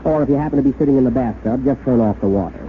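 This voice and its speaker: A man's voice: medium pitch, racing, slight background noise. A man hosting a scripted radio comedy show, breezy and wry, on a tinny 1930s broadcast. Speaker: comedian host.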